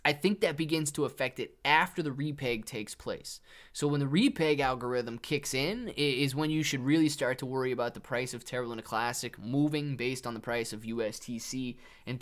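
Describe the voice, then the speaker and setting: A man's voice: medium pitch, fairly bright tone. A man from Ohio hosting a casual livestream, reading viewer chat aloud and talking trading in a laid-back, chummy way. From Ohio, USA.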